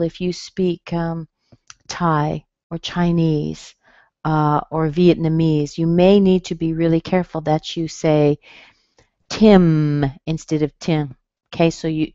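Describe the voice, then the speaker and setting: An American woman teaching pronunciation over a webinar, her voice sitting a little low and moving at an unhurried pace. She is patient and clear, spelling out each sound. The audio is dry and somewhat dull, like a computer mic. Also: mellow, dry recording. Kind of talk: webinar lesson.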